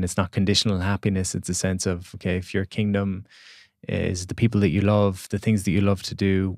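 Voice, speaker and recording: Male podcast guest, low voice, thoughtful storyteller, dry close sound. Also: a little mellow, no echo. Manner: reflective, storytelling, many restarts. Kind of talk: casual podcast conversation.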